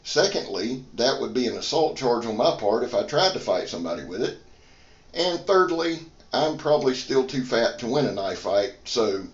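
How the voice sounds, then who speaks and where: Folksy man, roomy muffled sound. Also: on the low side. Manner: folksy, self-deprecating, swears casually. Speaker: knife reviewer and channel host. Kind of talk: casual product review vlog.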